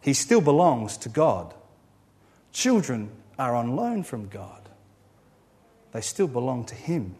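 A man preaching a sermon, building emphatic lists and then dropping to a quiet, low close. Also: sing-song, slow pace, pauses often. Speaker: pastor.

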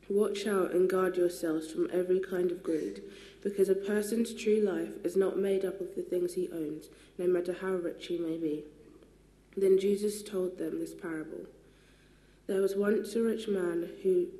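A scripture reader in a church reads a Bible passage aloud with a very dark, mellow tone. The delivery is careful and measured, and the voice rings around an echoey room. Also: medium pitch.

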